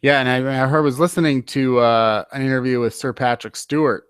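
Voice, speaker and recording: A man's voice: mid-range voice, steady tone, brisk, clean tone, no echo, clean studio sound. Rambling man hosting a podcast. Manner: rambling, loose, with many fillers and restarts. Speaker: podcast host. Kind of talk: casual podcast chat.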